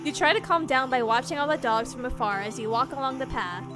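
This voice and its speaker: A woman's voice: high-pitched, lively intonation, quick pace. A woman streaming a game live. She reads the game's narration aloud and reacts with frequent laughter and swearing. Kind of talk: live gameplay commentary, reading game text aloud. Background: game music.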